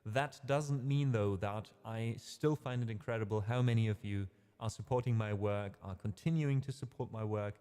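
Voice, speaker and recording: A man's voice: lowish voice, warm tone, big-room sound. A man hosting a casual music livestream, rambling a little, correcting himself and talking to his chat in a friendly way. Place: home streaming room.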